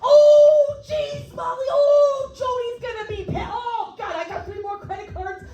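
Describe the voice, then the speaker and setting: A woman playing an elderly male rock tour manager who yells in a high, frantic voice. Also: little pitch movement, unhurried, lo-fi sound. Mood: panicked. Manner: loud, high, frantic yelling. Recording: echoey comedy club from a distance.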